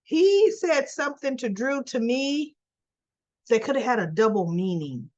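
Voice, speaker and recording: A woman's voice: a little high, lively intonation, measured pace, darkish tone, dry recording. A woman casually recapping soap opera episodes, chatty and a little tired, retelling the scenes and asking her viewers questions. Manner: chatty, retells scenes by acting out the characters' lines; asks viewers questions directly.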